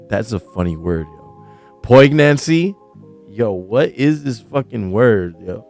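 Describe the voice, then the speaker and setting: A man hosting a casual news commentary livestream, talking in profane, slangy rants that get animated when he is worked up. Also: medium pitch, takes it slowly, gravelly, soft background music. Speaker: host.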